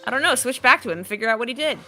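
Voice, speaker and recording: Bright-voiced woman trading playful banter. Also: fairly high pitch, lively intonation, soft background music. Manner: playful, quick comebacks. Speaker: podcast co-host. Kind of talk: casual live-stream chat.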